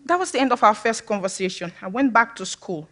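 A woman's voice: medium pitch, lively intonation, fairly quick, a bit bright. A woman from Sierra Leone giving a personal talk to an audience, speaking candidly and with humor, often laughing. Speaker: public speaker.

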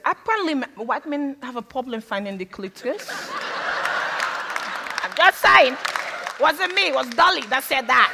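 A woman's voice: sits high, animated, normal speed, vocal fry, long pauses, bright, forceful tone, some chatter behind. A woman from Africa telling her own story in a candid, wry talk, slipping into the voices of others. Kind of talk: personal storytelling talk with humor. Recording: long hall reverb.

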